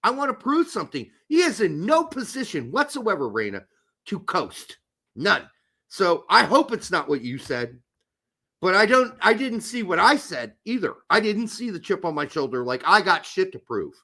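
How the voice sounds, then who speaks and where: Man, sports talk host, high lively voice, bright tone, heated profane rant. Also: normal speed. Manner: animated, profane, ranting. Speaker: podcast host.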